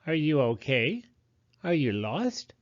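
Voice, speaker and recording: A man's voice: on the high side, big pitch swings, slow pace, highs cut off, voice pushed up. A man voicing a kindly, motherly female mole who talks in a soothing, fussing way. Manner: soothing, fussing, calls people dearie.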